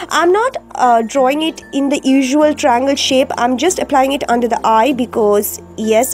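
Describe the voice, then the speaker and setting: Woman, high voice, groggy from a cold, makeup tutorial voice-over, step-by-step, faint music behind. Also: a little mellow. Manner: step-by-step explaining with frequent fillers. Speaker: beauty vlogger.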